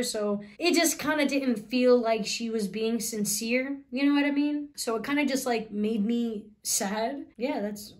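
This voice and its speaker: Chatty woman telling a story. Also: a little high. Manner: animated, chatty, fills talk with "like". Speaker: vlogger. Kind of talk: casual storytelling.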